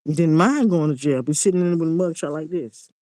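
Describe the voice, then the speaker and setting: Blunt, preachy man with a mellow voice. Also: fairly high pitch, fairly quick, no room sound, low-quality recording. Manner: blunt, preachy, repeats himself. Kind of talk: casual monologue vlog.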